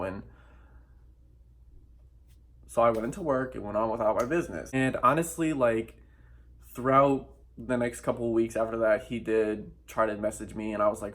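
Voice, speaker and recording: A man's voice: mid-range voice, fairly even intonation, a little slow, pauses often. Young male vlogger, candid storyteller, emphatic and profane, acts out dialogue. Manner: candid and emphatic, swears often, acts out quoted lines. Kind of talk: personal storytime vlog.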